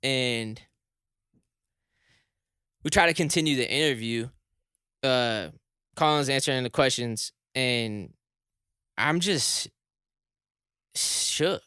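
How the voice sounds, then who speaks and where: Bright, crisp-voiced young man telling a story. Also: takes it slowly, pauses often, no room sound, clean studio sound. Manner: animated, rises high and loud when shocked. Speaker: podcast co-host. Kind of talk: casual storytelling chat.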